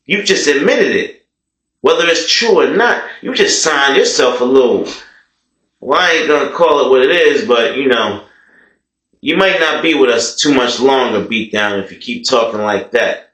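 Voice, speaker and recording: A man's voice: mid-range voice, lively intonation, moderate pace, a bit bright. Man telling a jailhouse tale in slang, y'all this y'all that, roomy echo. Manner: slangy, drawled, addresses listeners as y'all. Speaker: storyteller. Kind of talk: casual storytime narration. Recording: echoey room.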